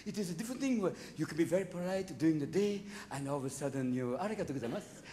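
A man performing live stand-up comedy, manic and profane, riffing rapid-fire on a big theater stage. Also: on the high side, animated, dark tone, a little hiss or hum. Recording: live theater recording with audience laughter.

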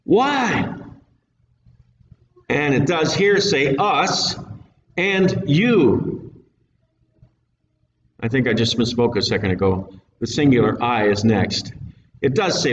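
A man's voice: mid-range voice, animated, slow pace, long pauses, a little hiss or hum. A man preaching a casual, folksy Bible-teaching sermon in a plain-spoken, emphatic way. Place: church hall with a live audience. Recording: echoey room, mic at a distance, dull sound.

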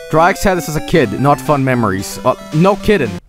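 A man streaming a video game, commenting in an exasperated, profane way with frequent yelled protests. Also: fairly high pitch, big pitch swings, normal speed. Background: game music.

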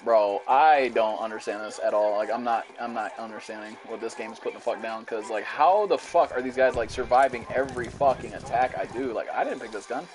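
A young man streaming a shooter game, ranting and cursing at the lag and at enemies, yelling now and then. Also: medium pitch, a little fast, hardly any pauses. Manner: profane, frustrated, rants and yells at the game. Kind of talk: live gameplay commentary. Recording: music playing behind the voice.

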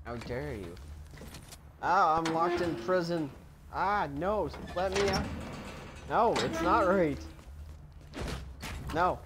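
Slow-talking playful gamer, noisy capture. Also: medium pitch. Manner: playful, joking, breaks into laughter and squealing outbursts. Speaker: gamer playing with a duo partner. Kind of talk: casual let's-play chat.

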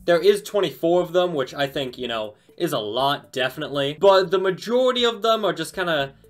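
A man hosting a casual toy unboxing review, talking in an excited, chatty, slangy way. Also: a little high, a little fast.

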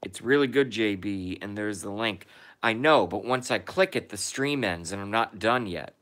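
A man with a bright, forward voice chats casually on his live stream from home. He reads viewers' comments aloud and answers them as he goes. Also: fairly low pitch, moderate pace.

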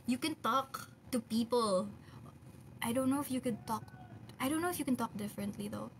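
A young Filipino-accented woman talks into her phone on a casual livestream, reading out comments and answering with easy laughter. Her voice sits a little high, with faint room noise behind her. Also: moderate pace. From Philippines. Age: young adult. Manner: reads viewer comments aloud and answers them chattily, laughs often. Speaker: idol group member on a livestream. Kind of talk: casual livestream chat, mixing English and Filipino.

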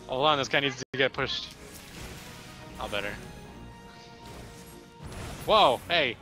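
Bright-voiced, joking male gamer. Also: mid-range voice, expressive, drawn-out words, long pauses, faint music behind. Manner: joking, teasing, mock-quoting his character. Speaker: gamer playing with friends. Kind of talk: casual game chat.

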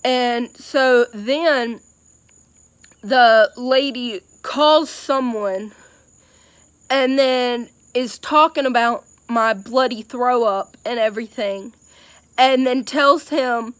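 Young woman telling a story, slow and rambly, kinda high voice, dry close sound. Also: no echo. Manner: rambling, hesitant, lots of fillers. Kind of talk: casual storytelling vlog.

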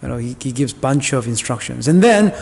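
A man's voice: medium pitch, lively intonation, fairly quick, gravelly, a little mellow, husky. A male pastor preaching a sermon in a church, explaining Bible verses in a conversational way with asides and fillers. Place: church hall. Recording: long church reverb.

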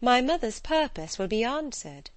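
A woman voicing a sensible, quick-witted young woman with a calm, reasoning tone in an audiobook. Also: a little high, no room sound, voice pushed up.

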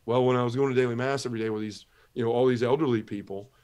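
A middle-aged man tells a personal testimony on a podcast. He speaks earnestly and emotionally, his voice often sinking low and quiet. His pitch sits in an ordinary middle range. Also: fairly even intonation, very fast, smooth. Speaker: podcast guest. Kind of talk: testimony storytelling.

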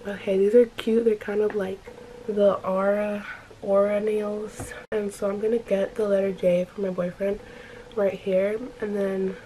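A young woman rambles through a casual vlog in her bedroom, filling her talk with "like." Her voice is mellow and a bit stuffy from allergies. A faint hiss sits behind her. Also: mid-range voice, little pitch movement, a little slow, low-quality recording. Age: young adult. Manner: rambling, chatty, heavy use of "like". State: stuffy from allergies and a runny nose. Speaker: vlogger. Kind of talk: casual vlog chat to camera. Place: bedroom at home.

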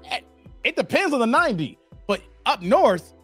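Lively high-voiced man teasing his chat. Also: moderate pace, breathy edge, faint music behind. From Chicago area. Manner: laughing, teasing banter with chat. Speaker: livestream host. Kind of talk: casual livestream chat reading comments.

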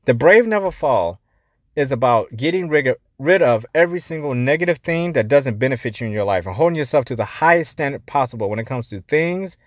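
A man hosting a motivational life-coaching podcast. He talks bluntly, swears, and swings between quiet asides and emphatic pushes. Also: mid-range voice, expressive, a little fast, no room sound. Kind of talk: motivational monologue.

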